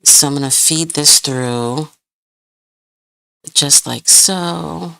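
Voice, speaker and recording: A woman hosts a live craft tutorial from home, chatting with viewers and often hunting for the right word. Her voice sits low and moves at an unhurried pace. The sound is dry and close. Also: gravelly, bright, forceful tone, no room sound. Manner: chatty, rambling, hunts for words, laughs often. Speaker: crafting channel host.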